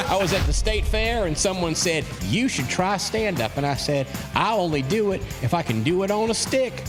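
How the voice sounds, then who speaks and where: A man's voice: fairly high pitch, lightly acted. A man doing an awkward Midwestern governor telling corny stand-up jokes and laughing at his own punchlines. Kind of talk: stand-up comedy bit. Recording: music playing underneath.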